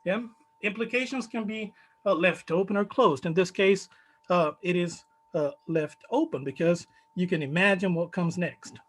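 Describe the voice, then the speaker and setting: A man with a Chilean Spanish accent presenting his study in a conference talk, measured and full of fillers. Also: high-pitched, low-quality recording. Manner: measured, many fillers, stresses key words.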